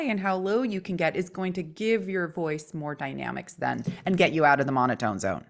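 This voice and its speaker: A woman coaching on speaking voice, lively and demonstrative. She teaches in a conversational way, often acting out the sounds she describes. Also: low-pitched, normal speed, vocal fry, few pauses. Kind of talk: instructional chat.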